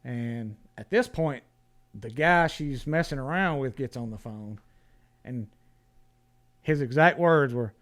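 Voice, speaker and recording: A man's voice: medium pitch, slow pace, pauses often, fairly bright tone. A man, a podcast guest telling a story in casual talk, blunt and profane, often restarting his words.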